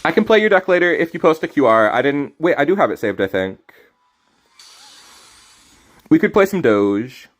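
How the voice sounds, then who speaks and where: A man streaming a card game, chatting casually with his viewers, teasing them and breaking into loud, sudden reactions. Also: a little high, sing-song, quick pace, faint music behind. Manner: casual, teasing banter with chat. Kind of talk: live game stream commentary.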